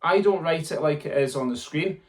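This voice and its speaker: A man's voice: a little high, normal speed. A man teaching snare drumming, counting aloud and vocalizing the rhythms. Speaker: drum tutor. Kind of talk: instructional lesson. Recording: loud background noise. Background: snare drum playing.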